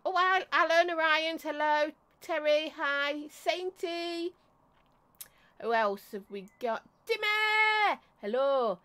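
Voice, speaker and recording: This vape reviewer hosts a relaxed home live stream in a high-pitched, slightly bright voice. She chats warmly, calls out viewers by name, and keeps coughing and clearing her throat.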